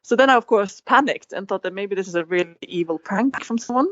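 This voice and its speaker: A woman's voice: medium pitch, quick pace, dry recording. A woman guest in an interview, telling a story with animation and acting out quoted lines. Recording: dull, dry sound.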